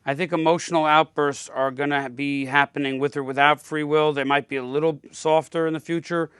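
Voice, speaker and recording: A man's voice: fairly high pitch, steady tone, brisk, fairly bright tone, clean tone, no room sound. A man in a podcast debate, talking emphatically and acting out quoted speech.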